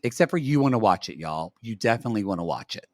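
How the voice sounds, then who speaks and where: Lively, joking gay podcast co-host. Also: male voice, on the low side, quick pace, no room sound, clean studio sound. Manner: animated, joking, crude banter. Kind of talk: casual podcast chat.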